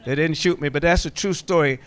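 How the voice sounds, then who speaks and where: A middle-aged workshop presenter from coastal Georgia, with a Gullah Geechee Southern accent, gives a storytelling lecture to a live audience. His voice is a little high and brisk, and he tells folksy, animated stories while joking with the room.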